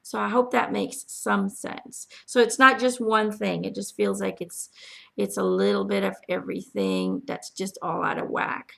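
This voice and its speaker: Medium lady doing a reading, super gravelly fry voice, gentle, lots of ums and pauses. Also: medium pitch, expressive. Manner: gentle, halting, many ums, pauses to listen. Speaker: spiritual medium answering follower questions. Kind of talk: channeling reading, casual spoken.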